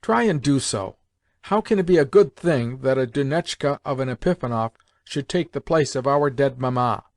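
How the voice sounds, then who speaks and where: A man's voice: medium pitch, animated, normal speed, no echo, clean studio sound, close to an everyday voice. A man voicing a young man, a worldly elder brother who talks in a knowing, dismissive way. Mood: contemptuous.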